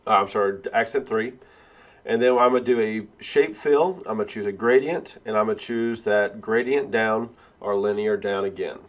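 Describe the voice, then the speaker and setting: A man instructor giving a screen-recorded software tutorial, explaining each click step by step and correcting himself along the way. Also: lowish voice, moderate pace. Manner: steady step-by-step walkthrough, self-correcting.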